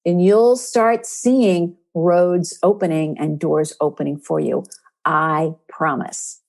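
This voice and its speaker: A woman hosting a spiritual coaching podcast, speaking in an encouraging way and slowing down to stress key words. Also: medium pitch, a little mellow. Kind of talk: inspirational podcast talk.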